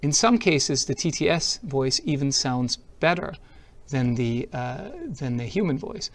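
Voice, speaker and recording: A man's voice: medium pitch, animated, a little slow. A man giving a product demo talk at a tech conference. He is upbeat and explains each step as he shows it. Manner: upbeat, explanatory, walks through steps as he shows them.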